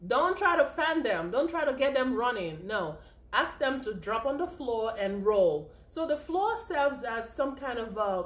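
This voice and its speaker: Woman doing a casual first aid class, bit out of breath, roomy echo. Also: fairly high pitch. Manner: chatty, repeats points with frequent "okay?" and "right?". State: a little out of breath. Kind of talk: informal spoken lesson. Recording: echoey room.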